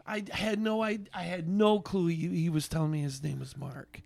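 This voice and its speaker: A man, a songwriter and bandleader, chatting casually as a podcast guest, telling stories in an animated, rambling way with lots of fillers and restarts. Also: fairly high pitch, moderate pace, gravelly. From Albany, New York area. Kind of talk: casual chat, storytelling.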